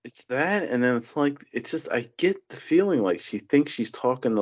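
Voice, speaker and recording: A man in casual political chat, mocking and profane, with animated impressions. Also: mid-range voice, moderate pace, few pauses. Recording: dull lo-fi sound.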